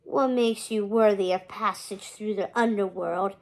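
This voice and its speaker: A woman voicing a bored old skeleton ferryman of the underworld, in a deep, musty, rasping voice with slow, bland delivery. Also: steady tone.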